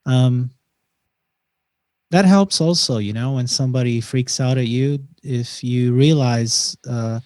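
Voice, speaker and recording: Animated, story-telling man, dry sound. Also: mid-range voice, takes it slowly, no room sound. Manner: animated storyteller who acts out dialogue and often says "man". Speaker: podcast guest. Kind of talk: casual conversation.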